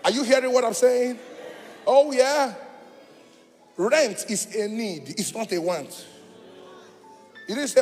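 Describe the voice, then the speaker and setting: Man, pastor, fervent call-and-response preacher, high voice, echoey hall with faint music behind. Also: lively intonation, a little slow, long pauses, a little mellow. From Africa. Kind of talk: sermon. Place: church sanctuary.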